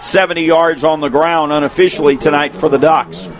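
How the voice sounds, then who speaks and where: A man calling play-by-play at a football game, quick and excited, shouting on big plays, his voice going hoarse. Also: fairly high pitch. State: losing his voice. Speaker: play-by-play announcer. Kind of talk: play-by-play sports commentary.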